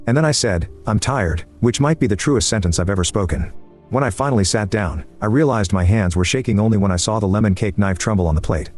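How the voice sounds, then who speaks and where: A man reading a first-person story aloud in an even, measured scripted narration. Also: fairly low pitch. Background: faint background music.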